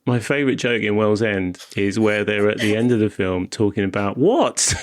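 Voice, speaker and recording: In this casual film chat, a podcast co-host, a young Wiltshire man with a gentle regional accent, talks at a normal speed in a lowish voice. He wanders from point to point, interrupts himself, and laughs a lot.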